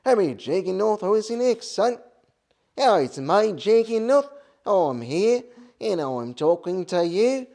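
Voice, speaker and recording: A man putting on a goofy, loud male caricature voice, high and brash. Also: big pitch swings, a little slow, full character voice. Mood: silly.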